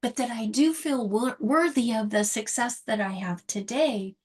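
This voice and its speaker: A woman's voice: on the high side, unhurried, breathy edge. A middle-aged woman host talking casually about books and self-worth in an earnest, reflective and confiding way.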